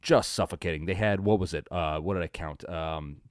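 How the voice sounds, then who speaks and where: A young man with a deep, low voice talks through a football game on his solo podcast. He rambles and gets excited, with plenty of restarts and fillers. The sound is close and dry, with no room echo. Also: moderate pace, clear, resonant tone. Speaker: podcast host. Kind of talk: casual solo sports recap.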